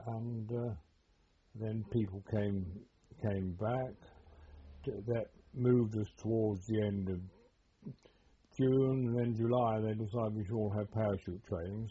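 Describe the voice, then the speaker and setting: Older man, interviewee. Low, husky, halting storyteller. Muffled lo-fi recording. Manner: hesitant, rambling storytelling with many pauses. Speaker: war veteran interviewee. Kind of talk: oral history interview. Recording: dull lo-fi recording.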